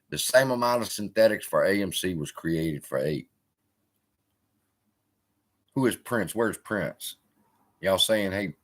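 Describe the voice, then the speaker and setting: A man hosting a live stream, chatting casually and swearing often as he answers viewers. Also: lowish voice. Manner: profane, animated, heckling chat. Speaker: host.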